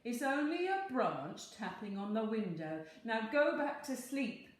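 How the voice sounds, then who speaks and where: A woman's voice: on the high side, very animated, measured pace. A woman voicing a grown-up male mouse in a storybook reading, firm and matter-of-fact with a weary patience. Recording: very echoey room, faint hum.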